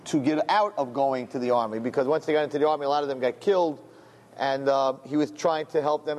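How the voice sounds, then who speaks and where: A man teaching a class as a rabbi, telling a story in an animated, repetitive storytelling manner. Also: on the high side. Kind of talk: storytelling lecture. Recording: long hall reverb.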